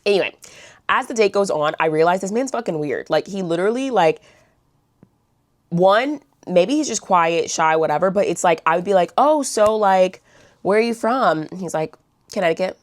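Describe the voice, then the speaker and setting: A woman's voice: lowish voice, animated, moderate pace, dry recording, studio quality. A young woman vlogger telling a storytime in a blunt, chatty way, swearing and saying "like" a lot. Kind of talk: storytime vlog.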